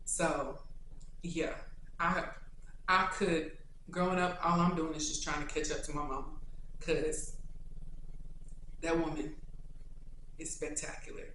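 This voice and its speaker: A young adult woman vlogger answering questions in a casual, chatty, animated way. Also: low-pitched, a little slow, pauses often, slight background noise. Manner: chatty and animated, turning tender and choked up. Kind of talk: casual Q&A chat to camera. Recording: echoey room.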